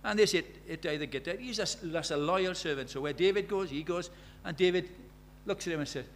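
A man preaching a sermon, conversational and animated, swinging from loud exclamations to quiet, intimate tones. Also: high-pitched, a little fast, few pauses, a little hiss or hum. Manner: conversational, uses quoted dialogue and filler words.

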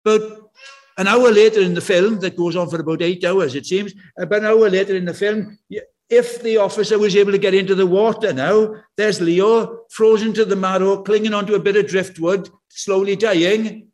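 An older man preaching a sermon, chatty and anecdotal, slowing down to repeat key words with emphasis and dropping in wry, self-deprecating asides. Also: sits high, steady tone, darkish tone. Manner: conversational and anecdotal, with slow emphatic repetition.

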